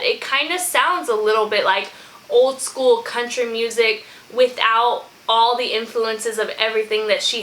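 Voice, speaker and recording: A woman hosting a music reaction vlog, rambling and thinking out loud in casual chat, now and then saying "y'all". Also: fairly high pitch, slight background noise, low-quality recording. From from a small country town.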